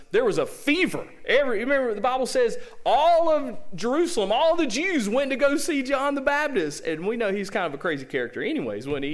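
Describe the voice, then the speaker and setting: Man, Southern accent, pastor, sermon, folksy, rhetorical questions, fairly high voice. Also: fairly bright tone. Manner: folksy, conversational preaching with lots of rhetorical questions.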